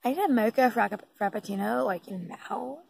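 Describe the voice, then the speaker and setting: A woman's voice: on the high side, lively intonation, normal speed, creaky, a little mellow, slightly rough, heavily acted. A woman voicing an impatient woman who bossily demands a coffee drink right away. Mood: demanding. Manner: bossy, insistent.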